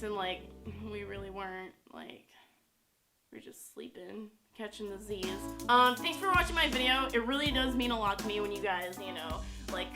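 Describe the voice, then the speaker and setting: Chatty young woman with a bright voice. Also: fairly high pitch. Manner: chatty, lots of "like" and "you know". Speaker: YouTuber. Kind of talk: casual storytelling vlog.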